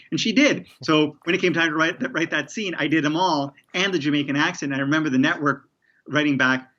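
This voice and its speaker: A man's voice: on the high side, quick pace, bright, forceful tone. Rambling man, muffled lo-fi audio. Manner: rambling, many restarts and fillers. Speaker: TV showrunner guest. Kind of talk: casual interview conversation.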